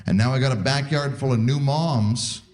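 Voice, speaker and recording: A man doing a stand-up comedy set on a club stage into a handheld mic, in chatty, self-deprecating storytelling with sudden pitch jumps. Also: moderate pace, a little mellow. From Canada. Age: 40s.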